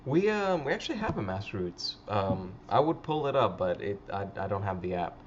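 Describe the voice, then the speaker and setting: A man's voice: on the low side, very animated, moderate pace, highs cut off, noisy background. Stammering, swearing man host. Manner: rambling, stammering, swears often. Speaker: livestream host. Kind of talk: casual chat.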